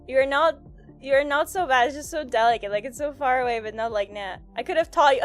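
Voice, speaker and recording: High-pitched streamer girl rambling and giggling, says like a lot, faint music under her. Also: unhurried, pauses often. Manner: giggly, rambling storyteller with many fillers. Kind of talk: casual live-stream chat.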